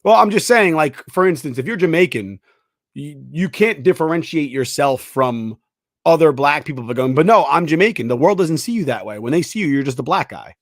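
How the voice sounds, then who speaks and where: A man co-hosting a podcast in casual, argumentative chat, pushing his point with long examples. His voice is a bit high for a man. The recording is close and dry, with little room sound. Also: animated, a little fast, dry recording. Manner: insistent, argues with long examples. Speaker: podcast co-host.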